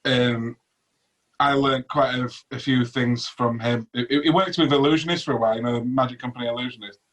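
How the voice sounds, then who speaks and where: A man with a Yorkshire accent, chatting as a guest on a video call, rambling and hesitant with many pauses and digressions. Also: medium pitch, steady tone, fairly bright tone, rough recording. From Yorkshire, England. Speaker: magician guest.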